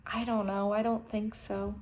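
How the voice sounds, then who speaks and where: A woman voicing a tired, loving mother who soothes her son in a hushed, almost whispered voice. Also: mid-range voice, flat delivery, normal speed, natural voice. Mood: tender hushed. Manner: hushed and soft, nearly whispering.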